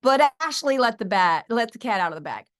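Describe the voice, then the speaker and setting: Brief: middle-aged woman, sales trainer, lively storyteller, slightly high voice. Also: fairly quick. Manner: animated storytelling, acting out phone calls. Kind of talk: energetic training talk.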